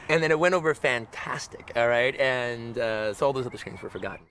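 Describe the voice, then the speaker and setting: A man telling an animated, profane anecdote in an interview, often checking in with "all right?". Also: medium pitch, fast talker, hardly any pauses, slight background noise.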